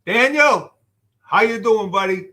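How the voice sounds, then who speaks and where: Bright, lively male talk-show host. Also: sits high, measured pace. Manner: chatty, interjecting, reads viewer comments. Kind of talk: casual talk-show banter.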